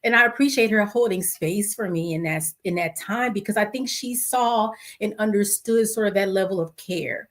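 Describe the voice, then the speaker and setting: A podcast host from the Los Angeles area tells a heartfelt personal story on her own show, keeping it casual and conversational at a moderate pace with few pauses. When she quotes other people, she acts them out with swings in pitch.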